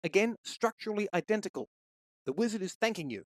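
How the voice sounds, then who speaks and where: A man teaching game development in a steady, explanatory walkthrough. His voice is slightly higher than average. The recording is dry and close, with no room sound. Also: quick pace, no echo. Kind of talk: screen-recorded tutorial.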